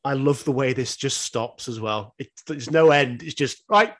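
A man's voice: medium pitch, normal speed. A man in his thirties co-hosting a podcast, chatting casually and swearing now and then, laughing often as he reviews an album. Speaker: podcast co-host.

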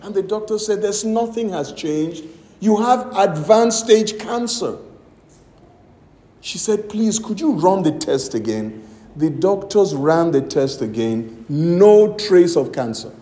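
A man preaching a sermon in a high, lively voice that rises and falls with every phrase. He takes his time, drawing out each line and acting out the people in his stories. The room around him rings with echo. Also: slow pace. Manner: storytelling with acted-out quotes, emphatic preaching. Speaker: pastor.

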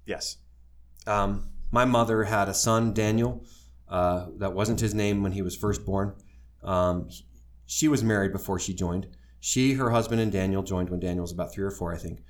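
A middle-aged man with a deep voice recounts his life story to a live audience at normal speed. He's candid and wry, poking fun at himself and getting animated when quoting others.

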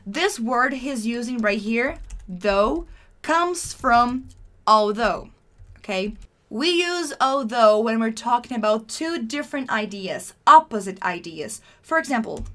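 A woman's voice: fairly high pitch, a bit bright. A woman teaching English, explaining a class dialogue patiently and repeating key phrases for learners.

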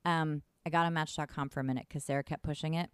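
Chatty, wry woman with a low voice. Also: steady tone, fast, clear, resonant tone, dry recording. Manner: chatty, wry, lots of likes and ums. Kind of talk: casual chat.

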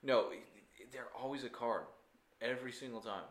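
A man hosting a casual podcast chat, enthusiastic and quick to laugh. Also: mid-range voice. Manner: enthusiastic, laughs often, restarts and fillers. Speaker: podcast host. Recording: echoey room.

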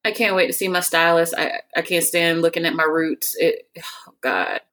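A woman's voice: fairly low pitch, steady tone, moderate pace, a bit bright. A woman co-hosting a podcast in casual chat, wry and joking.

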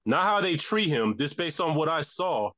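A man's voice: on the high side, very animated, normal speed, fairly bright tone. A man co-hosting a podcast in casual chat, hesitating and changing his mind as he talks. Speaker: podcast co-host.

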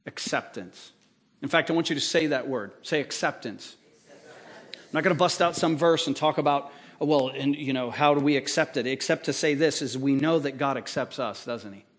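At a normal speed and in a mid-range voice, a male pastor preaches with animation and a conversational feel, regularly asking the congregation rhetorical questions.

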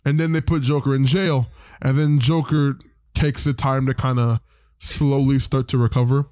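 A man's voice: mid-range voice, fairly even intonation, normal speed, a little mellow, no room sound, clean studio sound. A man hosting a podcast, casually recapping a comic in a rambling, profane way and briefly putting on voices for the characters. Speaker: podcast host.

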